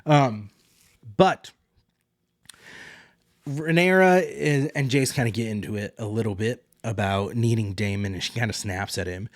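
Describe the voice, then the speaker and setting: A man's voice: on the low side, measured pace, pauses often, no room sound, studio quality. A man hosting a podcast, casually recapping a TV episode with blunt, self-mocking asides and loose paraphrases of the characters. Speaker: podcast host.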